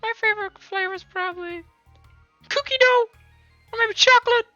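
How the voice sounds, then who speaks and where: A man voicing a cheerful, bubbly teenage girl in a high falsetto voice, stammering eagerly. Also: moderate pace, bright, forceful tone, lo-fi sound, soft background music, exaggerated voice.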